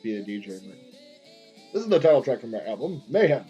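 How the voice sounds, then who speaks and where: A man with a soft, mellow tone talks casually as he works on a drawing. He rambles, circling back with fillers and restarts. Faint guitar music plays quietly behind him. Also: mid-range voice, big pitch swings, quick pace, muffled recording. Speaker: artist live-streaming a drawing session. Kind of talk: casual chat while drawing.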